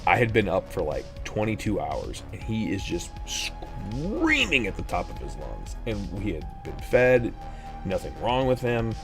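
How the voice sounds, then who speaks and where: A man's voice: on the low side, wildly swooping pitch, measured pace, creaky, over music. A young man telling rambling stories as he chats during a game stream, breaking into exasperated outbursts. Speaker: gaming streamer. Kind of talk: casual chat while gaming.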